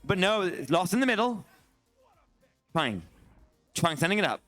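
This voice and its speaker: Young guy casting esports live, high lively voice, gets loud on big plays. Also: normal speed, no room sound, faint music behind. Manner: excitable, exclaims at big plays. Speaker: esports commentator. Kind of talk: live play-by-play commentary.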